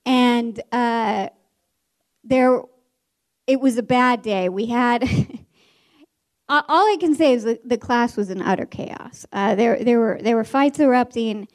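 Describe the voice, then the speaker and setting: A woman teacher telling a story from her classroom to an audience, animated and laughing, with many restarts. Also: on the high side, takes it slowly. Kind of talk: stage storytelling.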